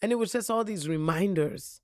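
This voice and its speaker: A woman speaks to her followers in a casual motivational vlog, blunt and full of curses. Her voice sits in a middle register and sounds dry and close. She leans hard into loud, emphatic bursts, then drops to a soft, reflective tone. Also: mid-range voice, moderate pace, no echo. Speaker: spiritual reader and motivational vlogger.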